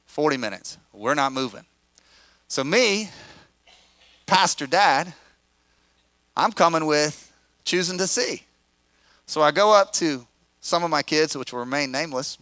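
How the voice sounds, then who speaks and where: Lively, bright-voiced storytelling pastor. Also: male voice, on the high side, measured pace, long pauses, no echo. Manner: animated, conversational storytelling with acted quotes. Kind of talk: storytelling sermon.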